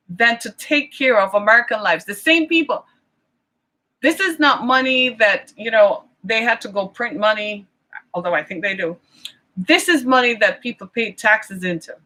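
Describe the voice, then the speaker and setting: Middle-aged woman vlogger, fired-up indignant rant, higher bright voice. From Michigan. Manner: indignant, rhetorical questions, exasperated. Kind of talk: impassioned political rant.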